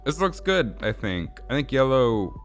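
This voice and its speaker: A man's voice: mid-range voice, big pitch swings, normal speed, soft background music. A man casually chatting with viewers while building a game, rambling, swearing and laughing. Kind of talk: casual livestream chat.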